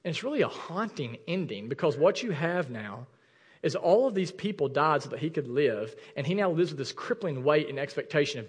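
Impassioned pastor preaching in a reverberant hall. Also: male voice, lively intonation, moderate pace, husky. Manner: impassioned, rising to near shouts then dropping low and intimate. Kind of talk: sermon. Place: church sanctuary.

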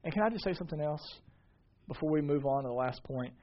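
A man in his thirties preaching from the pulpit, his fairly high voice climbing to loud, emphatic peaks before dropping to a hushed, confiding tone. The recording is dull and lo-fi. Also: expressive, fast talker. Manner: swings from shouted emphasis to quiet confiding. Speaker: pastor. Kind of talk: sermon. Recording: dull lo-fi sermon audio.

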